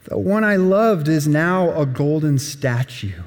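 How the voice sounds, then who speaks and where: A man's voice: a little high, animated, takes it slowly. A man voicing a greedy, remorseful king who pleads and exclaims, heard in a reverberant hall. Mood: grieving.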